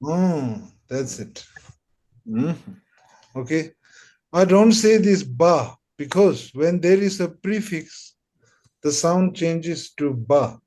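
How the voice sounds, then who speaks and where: A man's voice: a little high, expressive, slow, warm tone. A man teaching pronunciation in an online lesson, patiently repeating syllables for students. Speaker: Tibetan language teacher.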